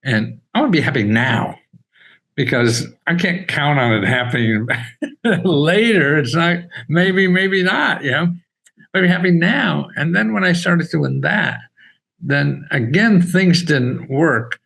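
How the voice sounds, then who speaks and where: An older man talking as a podcast guest, animated and laughing often, with his voice jumping high when he gets excited. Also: slow pace, creaky, rough recording. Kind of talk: casual interview talk.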